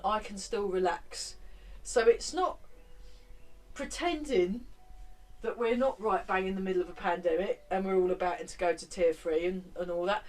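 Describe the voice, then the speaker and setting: A woman's voice: medium pitch, a little mellow, distant mic, low-quality recording. A woman teaching a tai chi class, chatting easily between movements and counting them aloud.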